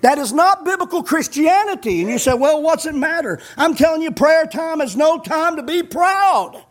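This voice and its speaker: A male pastor preaching a fiery sermon, emphatic and scolding, rising to shouts. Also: very high voice, animated, moderate pace.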